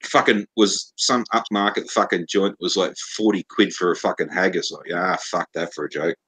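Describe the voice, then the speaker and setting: Deep Scottish male co-host, profane rambling raconteur. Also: steady tone, moderate pace, fairly bright tone, husky. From Scotland. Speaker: podcast co-host. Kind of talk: casual banter.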